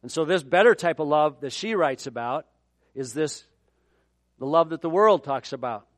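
A middle-aged man delivers a sermon in a casual, conversational way, breaking off into joking asides. His voice sits a little high for a man. The sound is dry and close, with no room echo. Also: lively intonation, normal speed. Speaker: pastor.

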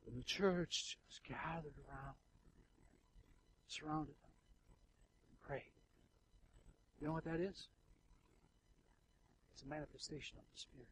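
A man preaching a sermon as the pastor of a church, swinging from hushed, intimate passages to loud, fervent ones, with ironic asides. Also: fairly high pitch, unhurried, long pauses, a little hiss or hum, rough recording. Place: church sanctuary.

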